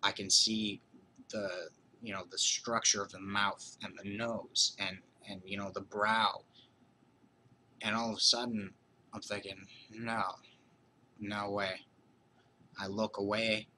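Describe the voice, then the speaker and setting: A hoarse man with a lowish, very bright and piercing voice, telling a ghost story from his childhood. He rambles casually, stumbling over restarts and filling gaps with "you know". A faint hiss sits under the recording. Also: little pitch movement, measured pace, low-quality recording. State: hoarse from being sick.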